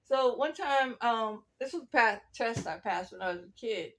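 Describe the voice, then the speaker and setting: A woman with a high voice talks her way through a rambling religious testimony. She preaches in loose, wandering turns and chuckles between thoughts. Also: expressive, normal speed, fairly bright tone, a little hiss or hum. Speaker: self-styled prophet.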